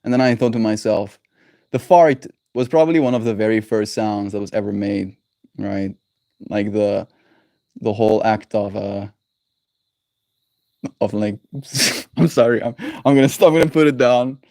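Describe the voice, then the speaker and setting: Lowish and a little mellow, the Canadian streamer speaks at a moderate pace with long pauses, and the audio has no room sound. He rambles playfully with viewers on his daily stream, giggling and making up silly words.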